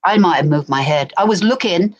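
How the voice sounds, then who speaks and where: A woman's voice: lowish voice, expressive, brisk, muffled recording, a crowd in the background. A woman from chatting as a guest on a home live stream, telling stories and often asking "do you know what I mean", with no external mic. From England, Berkshire. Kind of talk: casual chat. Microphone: no external mic plugged in.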